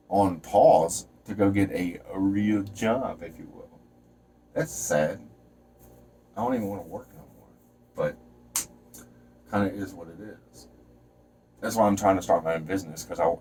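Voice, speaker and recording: A man with a low voice records far from the mic, with a little hiss or hum. He's a vlogger giving a rambling, preachy motivational rant to camera, swearing and hopping between topics, shouting and stretching words once he's fired up.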